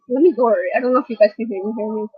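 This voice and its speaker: A young woman reacting to a music video, gushing with excited exclamations as she watches. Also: on the high side, very fast, breathy edge, no echo, phone-quality sound. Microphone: computer mic.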